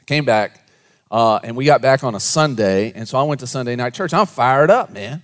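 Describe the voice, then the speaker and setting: A man preaching a sermon to a congregation, moving between hushed, low asides and animated, raised storytelling. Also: a little fast. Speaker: pastor.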